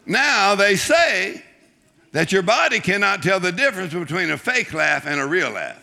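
A man preaching a humorous sermon, joking and urging the congregation on with shouts and laughter. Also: high-pitched, sing-song, normal speed, creaky.

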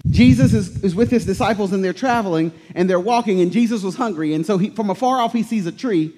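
A man preaching a sermon to a congregation, telling the story animatedly and repeating key words with slow emphasis. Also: sits high, darkish tone. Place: church in front of a congregation.

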